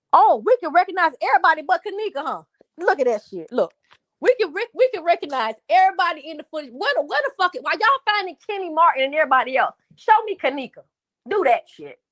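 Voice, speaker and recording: A woman's voice: high voice, big pitch swings, fast talker, fairly bright tone, no room sound, clean studio sound. A woman hosting a livestream, venting angrily to her viewers in a profane, repetitive rant. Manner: angry, profane, repetitive, addresses chat as y'all. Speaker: livestream host.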